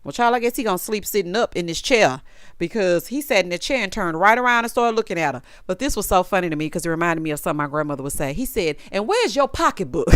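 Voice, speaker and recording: A woman's voice: fairly low pitch, fast talker, clean tone, dry recording, clean studio sound. A woman recapping a TV episode in a sassy, chatty way, acting out the characters' lines as she goes. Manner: sassy, animated, acts out quotes. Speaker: recap vlogger. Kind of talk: casual TV recap.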